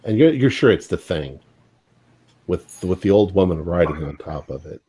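A man running a tabletop horror game as game master, describing scenes in a halting way and repeating words. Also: deep voice, animated, warm tone, husky.

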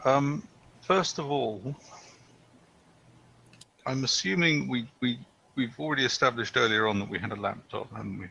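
Bright-voiced man reading a story aloud. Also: medium pitch, normal speed, vocal fry, pauses often, a little hiss or hum. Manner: hesitant in chat, punchy when reading. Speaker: tabletop game player. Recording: dull lo-fi recording.

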